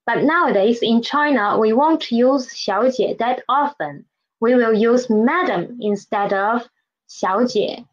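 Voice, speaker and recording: Slow, patient woman teaching a language. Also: on the high side, muffled recording. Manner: patient, repeats words and models tones for students to echo. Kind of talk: slow, clear classroom instruction.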